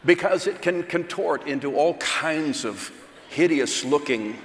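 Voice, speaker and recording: A man giving a seminar talk at a church conference, speaking slowly and with self-deprecating humor. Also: fairly high pitch, lively intonation, slight background noise. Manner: slow, unhurried delivery; self-deprecating, chuckles between points. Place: large hall at a church conference. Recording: echoey hall with long reverb.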